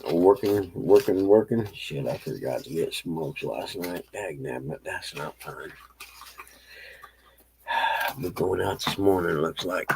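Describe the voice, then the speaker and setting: Low gravelly guy rambling on a morning livestream at home, faint hiss behind him. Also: takes it slowly, pauses often, poor audio. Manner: rambling, drawling, talks to his pets. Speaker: live streamer. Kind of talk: early-morning casual livestream chat. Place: home, indoors.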